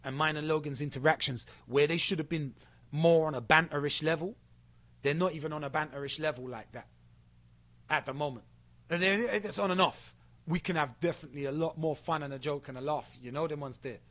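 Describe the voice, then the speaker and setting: A man's voice: a little high, fairly quick, a bit bright. A young man ranting at someone, confrontational and sweary, repeating himself as he builds his case. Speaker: streamer addressing a former friend. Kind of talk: ranting monologue.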